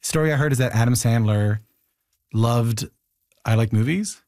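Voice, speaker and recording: A man hosting an interview, talking in rambling, fast runs and restarting his thoughts. He sounds like he is in a studio. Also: mid-range voice, darkish tone, no echo. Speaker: interview host. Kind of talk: conversational interview.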